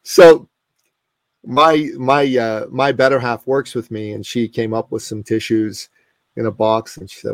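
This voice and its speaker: A man's voice: medium pitch, steady tone, moderate pace, no echo. A man in his forties, a podcast guest telling a story emphatically and passionately, often restarting his sentences. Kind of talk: animated storytelling.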